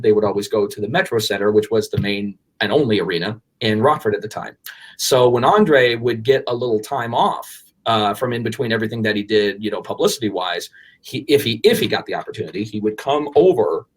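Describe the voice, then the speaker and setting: Podcast co-host in his forties, lowish voice, animated storyteller who restarts sentences and swears casually. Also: husky. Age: 40s.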